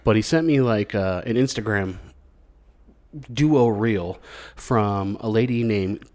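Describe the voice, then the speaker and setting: American dude cohosting a podcast, lowish voice, swears a lot, jokey. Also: male voice, slow, darkish tone. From United States. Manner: profane, joking, laughs often. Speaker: podcast co-host. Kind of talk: casual podcast chat.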